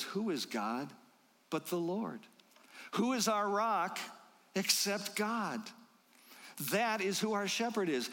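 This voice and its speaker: A man preaching a sermon, emphatic and rhythmic, slowing down to quote scripture. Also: a little high, fairly bright tone, big-room sound. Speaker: pastor.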